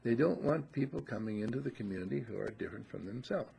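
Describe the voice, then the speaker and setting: A man's voice: on the low side, quick pace, creaky, slight background noise. A man giving an inspirational talk, telling a folksy parable with plenty of fillers. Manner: lively, folksy storytelling with fillers. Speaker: inspirational speaker.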